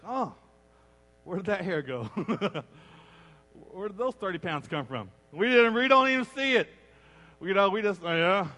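A middle-aged man preaching a sermon as a pastor, animated and acting out the voices he quotes. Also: on the high side. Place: church sanctuary. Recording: long reverb of a large church hall.

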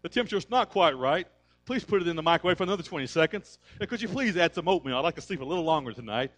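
A man's voice: a little high, animated, racing, fairly bright tone. A man playing a baby who talks like a polite, overly articulate and demanding adult. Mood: fussy, demanding. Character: prim, fussy talking baby boy.

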